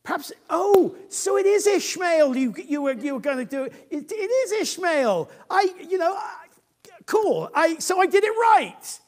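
Man doing flustered old abraham, stammery, high voice. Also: very animated, measured pace, heavily acted. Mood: excited. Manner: hesitant, stammering. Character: Abraham, a flustered elderly patriarch.

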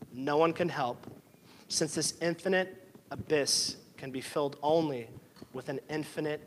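A man's voice: medium pitch, a bit bright, a little hiss or hum. A man preaching a sermon with impassioned delivery, building to emotional peaks and near tears. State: tearful. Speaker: pastor.

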